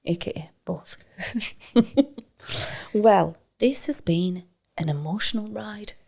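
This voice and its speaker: Woman podcast co-host, tired, playful, gravelly fry in her voice. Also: medium pitch, lively intonation, slow pace, dark tone. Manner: playful, laughs often, stumbles when reading aloud. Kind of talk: casual chat.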